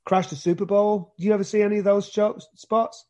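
A man's voice: sits high, little pitch movement, a little fast, darkish tone. A British man being interviewed about his acting career, talking casually with many restarts and repeated words. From Britain. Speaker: actor guest.

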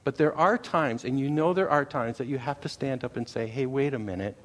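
A middle-aged man from Canada gives a Sunday sermon at an ordinary mid-range pitch. He talks to the congregation in a loose, chatty way. He restarts phrases and often pauses to ask whether they're following. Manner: conversational, repeats words, checks in with "okay?". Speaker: pastor.

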